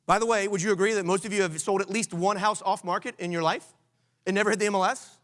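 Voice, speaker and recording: A man from Washington, D.C. hosting a conference session, coaching the audience in an energetic way and quizzing the room with questions. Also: high-pitched, quick pace. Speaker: conference host.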